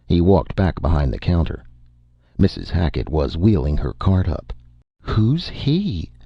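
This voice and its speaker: A man reading a short story aloud as narrator, in a steady storytelling way. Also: very deep voice, moderate pace, vocal fry, no room sound, muffled recording.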